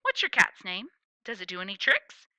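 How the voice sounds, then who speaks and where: A woman's voice: mid-range voice, wildly swooping pitch, normal speed, pushed and bright, no room sound, full character voice. A woman voicing an eager, chatty girl of nearly nine who fires off bubbly questions.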